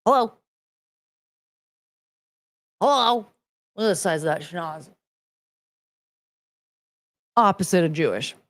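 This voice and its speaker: A woman's voice: low voice, measured pace, long pauses, dry recording. Young woman, streamer host, casual rambling chat, profane, sarcastic, dry sound. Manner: rambling, profane, mocking, sarcastic voices for quotes.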